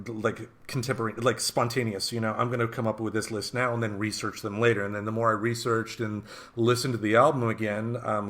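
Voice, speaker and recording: A man's voice: fairly low pitch, fairly bright tone. A man co-hosting a casual podcast chat, often restarting his sentences and laughing easily. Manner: halting, full of ums and restarts, laughs easily. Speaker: podcast co-host.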